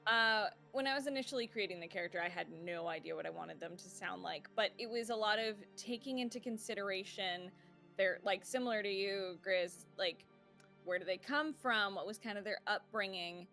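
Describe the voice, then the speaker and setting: Bright-voiced woman, casual game-stream chatter, filler-heavy, over light music. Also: medium pitch, fairly quick, creaky. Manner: chatty, laughing, many fillers. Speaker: player of a tabletop game. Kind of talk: casual chat about character voices.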